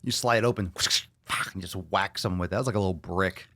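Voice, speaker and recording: A man's voice: low voice, quick pace, a bit bright, no room sound. A man hosting a solo podcast, talking loosely and profanely, joking as he rambles. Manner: loose, profane, joking, puts on silly voices. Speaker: podcast host. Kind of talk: casual solo podcast rant.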